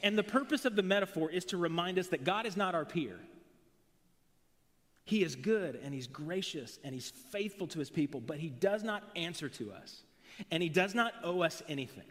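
A man's voice: high-pitched, expressive, normal speed, fairly bright tone. A man preaching a sermon as pastor, earnest with emphatic rising phrases, recorded in a church sanctuary on a pulpit mic. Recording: long reverb of a large hall.

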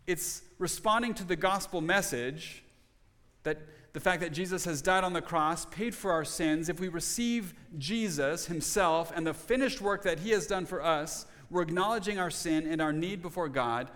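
A man's voice: sits high, animated, moderate pace, fairly bright tone. A middle-aged man preaching a sermon as a pastor, earnest, often repeating words as he restarts a thought. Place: church sanctuary. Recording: long reverb of a church hall.

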